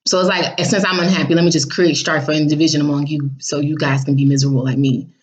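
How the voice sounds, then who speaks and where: A woman's voice: low voice, steady tone, quick pace. A woman casually telling her viewers about a dream, blunt and sassy, acting out what people said in raised voices. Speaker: vlogger recounting a dream.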